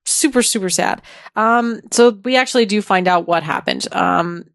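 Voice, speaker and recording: A woman co-hosting a podcast, retelling episodes in an animated, gushing way with frequent laughs. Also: mid-range voice, normal speed, no echo, studio quality. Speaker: podcast co-host. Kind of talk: casual recap chat.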